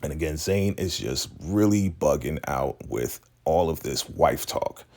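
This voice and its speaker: A man hosting a casual episode recap, telling it in an animated way with quick laughs. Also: extremely low pitch. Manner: animated storytelling, slips in laughs and acted-out quotes. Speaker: YouTube recap host.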